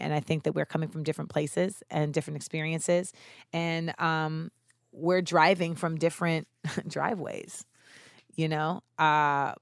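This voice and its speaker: A woman's voice: fairly low pitch, dry recording. A young woman speaks as a podcast host. She talks in a reflective, earnest way and leans on "you know" and "like" as she thinks aloud. Her voice is recorded close and dry, with no room sound. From United States.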